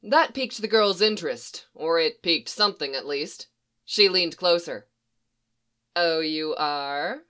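An audiobook narrator carrying the story along in an even, steady storytelling manner. The voice is bright and forward, with a pitch in the middle range. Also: moderate pace. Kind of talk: audiobook reading.

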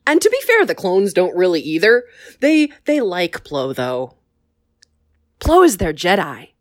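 Wry, animated woman telling a story. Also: on the low side, dry recording, clean studio sound. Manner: wry, animated, quick asides. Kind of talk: casual story retelling.

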